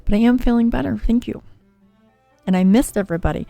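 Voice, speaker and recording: A woman host reads tarot cards for her chat in a relaxed, soothing manner. Her voice is mellow with some gravelly fry and a touch of scratchiness from a recent cold. It is close and dry, with faint music behind her. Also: on the high side, fast, no echo. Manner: soothing, chatty, reads viewer names and card meanings. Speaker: tarot reader and livestream host. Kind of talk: casual livestream tarot reading.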